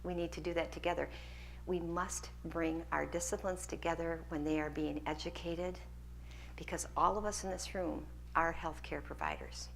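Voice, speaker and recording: A woman's voice: fairly low pitch, gravelly, a little hiss or hum. A woman lecturer taking questions from a hall audience, earnest and encouraging as she answers. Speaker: guest lecturer.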